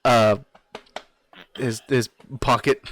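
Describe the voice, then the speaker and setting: A man playing a tabletop role-play game, loud and joking. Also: mid-range voice, little pitch movement, very slow. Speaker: player.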